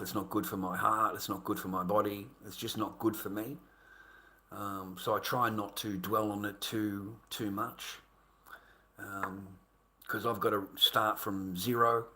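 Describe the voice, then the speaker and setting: A man's voice: fairly low pitch, level tone, moderate pace, sharp tone. An Australian man in his fifties in a rambling, aggrieved monologue to camera, swearing and repeating himself. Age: 50s. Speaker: vlogger.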